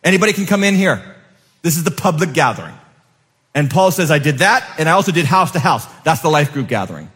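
A male pastor preaching a sermon to his congregation, rising to loud emphatic peaks and dropping to soft, low asides, often asking the room questions. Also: very animated, fast talker, breathy edge. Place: church sanctuary. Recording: long hall reverb.

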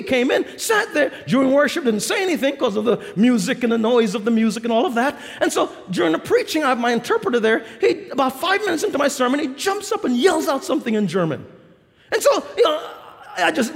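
High, gravelly New York preacher in a hall. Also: male voice. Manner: animated, laughing storyteller, shouting punchlines. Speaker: pastor. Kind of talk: sermon. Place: large auditorium.

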